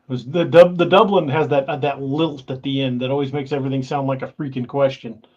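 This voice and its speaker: A man from the American Midwest in easygoing podcast chat, quick with comebacks. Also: medium pitch, steady tone, a little mellow, slight background noise. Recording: dull, slightly lo-fi audio.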